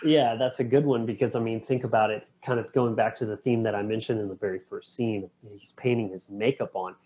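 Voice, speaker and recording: A man co-hosting a podcast, retelling film scenes in a relaxed, slangy way. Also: on the low side, fairly quick, slightly rough, lo-fi sound. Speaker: podcast co-host. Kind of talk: casual film discussion.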